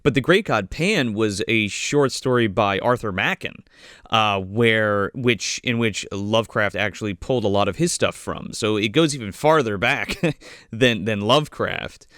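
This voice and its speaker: A man's voice: fairly low pitch, measured pace, fairly bright tone, dry recording, clean studio sound. A man co-hosting a podcast in casual chat, laid-back and profane, often laughing as he talks. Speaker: podcast co-host.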